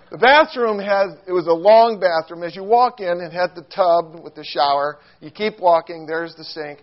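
Animated storytelling preacher, slightly high voice. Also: male voice, highs cut off. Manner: animated, self-mocking, acts out quotes with squeals and shouts. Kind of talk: sermon storytelling.

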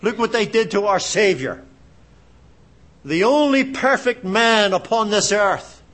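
Impassioned high-voiced male preacher. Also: lively intonation, measured pace, fairly bright tone. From Canada. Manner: impassioned, rhetorical questions, repeats phrases. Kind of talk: sermon.

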